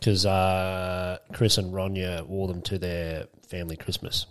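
A man's voice: sits low, flat delivery. A man co-hosting a podcast in casual chat, making crude jokes in banter. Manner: unhurried, crude joking banter. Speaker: podcast co-host.

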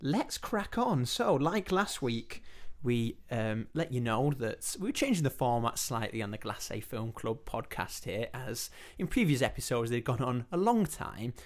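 A man's voice: medium pitch, sing-song, a little slow, hardly any pauses. A man with a British accent hosting a film podcast, chatting casually and joking around. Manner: jokey, playful, self-mocking. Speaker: podcast host. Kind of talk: casual chat.

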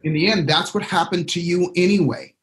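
A man coaching a group on a call, emphatic and lively, acting out the anxious voice in people's heads. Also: high-pitched, brisk. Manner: emphatic, acts out inner voices, spells words out. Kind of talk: motivational coaching talk. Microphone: call audio.

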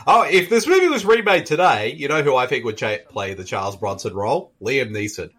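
A man's voice: mid-range voice, big pitch swings, a little fast, fairly bright tone, slightly rough. Jokey man riffing on a movie. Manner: jokey, laughs often. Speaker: podcast co-host. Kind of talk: casual movie riffing chat.

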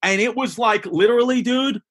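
A man's voice: very high voice, moderate pace, fairly bright tone, slightly rough. A man in his forties, a comedian, telling crude, rambling stories in a casual podcast chat.

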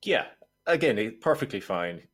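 A man's voice: on the low side, sing-song, moderate pace, a bit bright, breathy edge. A man co-hosting a film podcast, giving wry, sardonic commentary in casual review chat.

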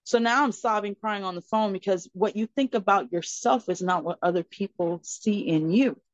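A woman guest on a podcast, telling a personal story in an earnest, expressive way. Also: medium pitch, normal speed, dry recording. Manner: earnest and expressive, acting out dialogue in her story. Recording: slightly muffled, dry recording.

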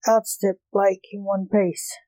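A woman narrating a novella in an even, unhurried reading style. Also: medium pitch, no echo, poor audio. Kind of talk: storybook reading.

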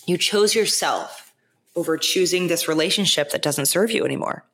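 A woman hosting a podcast, talking in a casual, animated way, full of "like" and "right?". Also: fairly low pitch, normal speed, breathy edge. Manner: animated, chatty, lots of "like" and "right?". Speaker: podcast host. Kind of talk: casual spiritual monologue.

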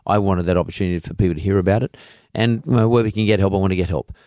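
A man's voice: low voice, rapid-fire, dark tone, dry recording, clean studio sound. A middle-aged Australian man hosting a podcast in casual interview chat, emphatic and folksy, often repeating himself as he makes a point. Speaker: podcast host.

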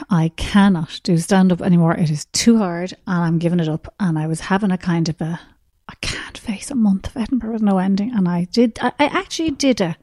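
A woman's voice: medium pitch, no echo, studio quality. Irish woman telling a comic story. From Ireland. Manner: lively, swearing, laughing anecdotes. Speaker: comedian guest. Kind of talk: storytelling interview.

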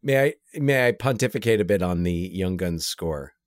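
A man co-hosting a casual film-review podcast, jokey and excitable, with stammering restarts. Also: low voice, moderate pace, no room sound, studio quality. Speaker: podcast co-host.

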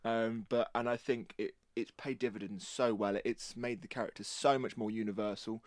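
A man's voice: on the low side, fairly even intonation, normal speed, no room sound, clean studio sound. A man co-hosting a casual podcast chat, talking enthusiastically and rambling. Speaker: podcast co-host.

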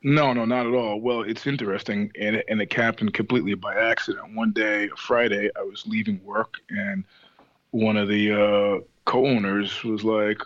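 A man's voice: lowish voice, fairly even intonation, normal speed, fairly bright tone, no echo, highs cut off. A man in casual conversation, telling stories in a rambling, profane way with many restarts. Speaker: podcast guest, singer and show host. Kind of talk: casual chat.

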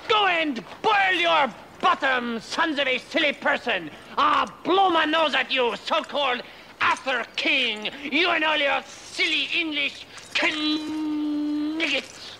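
A man's voice: slow pace, heavily acted. An actor playing a taunting male French castle guard with a put-on French accent, in an old film clip. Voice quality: high, sharp, gravelly, taunting. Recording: old film audio with faint hiss.

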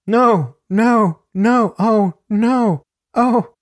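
A man voicing a terrified young woman who pleads loudly and sobs. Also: sits high, very slow, pitched above the performer's own voice. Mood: pleading terror. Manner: loud, pleading, sobbing wails.

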